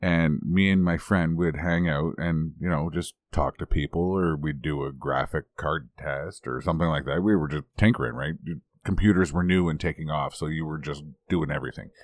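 A man's voice: extremely low pitch, moderate pace, hardly any pauses, dry recording, studio quality. A Canadian man co-hosting a podcast, telling a rambling, self-mocking story in casual chat and laughing as he goes. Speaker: podcast co-host.

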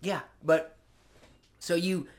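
Man co-host, crude and rambling, slightly higher pitch. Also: steady tone, slow. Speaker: podcast co-host. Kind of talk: casual chat.

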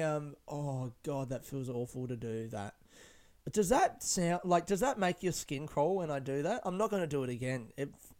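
Brief: young Aussie guy, smooth clear voice, slightly high, loose sweary solo podcast ramble. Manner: rambling, sweary and self-mocking. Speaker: podcast host. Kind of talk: casual solo podcast chat.

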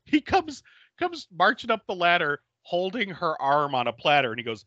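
A man hosting a podcast, casually recapping a horror film with animated storytelling and frequent laughter. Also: sits high, moderate pace, no echo, lo-fi sound. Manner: animated storyteller, acting out quotes and laughing often. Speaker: podcast host. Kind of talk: casual movie recap chat.

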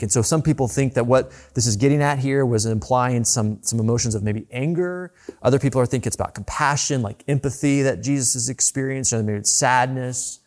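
Earnest male preacher with dramatic pauses. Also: mid-range voice, a little mellow. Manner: slow, emphatic pauses with dropped voice on key words; reads scripture aloud with lifted, dramatic quoted lines. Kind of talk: sermon.

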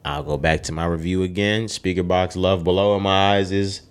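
A man's voice: sits low, fairly even intonation, normal speed, smooth. A man co-hosting a podcast in casual chat, opinionated and swearing freely as he runs down a ranked list. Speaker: podcast co-host.

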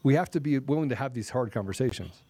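Man, talk show host, casual, storytelling, mid pitch, dry sound. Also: animated, fast, dark tone, breathy edge, no echo. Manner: storytelling, acts out dialogue.

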